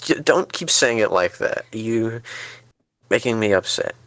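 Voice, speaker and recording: A man's voice: lowish voice, lively intonation, measured pace, a bit bright, dry recording. A man role-playing a flustered, anxious character in a tabletop game, stammering as he talks. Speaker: player.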